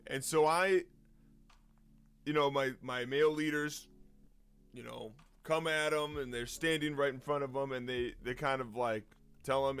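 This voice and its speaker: Animated man telling a story. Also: mid-range voice. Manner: lively, animated, chuckling often. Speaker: youth pastor. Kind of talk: casual storytelling.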